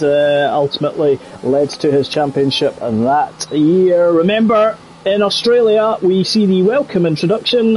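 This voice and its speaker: Scottish man, high voice, excitable sim racing commentary, rambling jokes. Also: slight background noise. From Scotland. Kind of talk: live esports race commentary.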